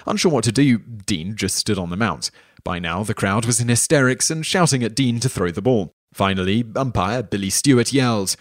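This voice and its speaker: A man hosting a podcast, reading a scripted history story in a steady storytelling manner. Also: fairly low pitch, dry recording, clean studio sound. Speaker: podcast host.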